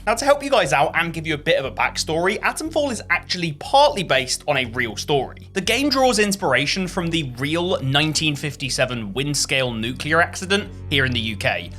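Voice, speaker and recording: A man's voice: fairly high pitch, fairly bright tone. A British man narrating his playthrough of a video game, upbeat and jokey with plenty of exclamations. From United Kingdom. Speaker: gaming YouTuber.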